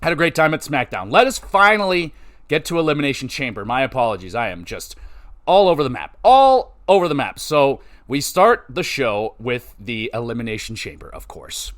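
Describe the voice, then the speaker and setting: A man's voice: medium pitch, animated, normal speed, a bit bright. Profane, rambling man reviewing wrestling. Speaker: podcast host. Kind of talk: casual solo wrestling review.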